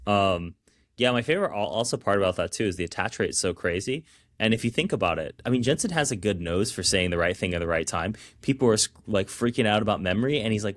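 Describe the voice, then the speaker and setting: Casual male co-host, somewhat low voice, loose rambling delivery full of fillers and slang. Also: animated, fast talker. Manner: slangy, calls people dude and bro. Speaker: podcast co-host. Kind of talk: casual chat.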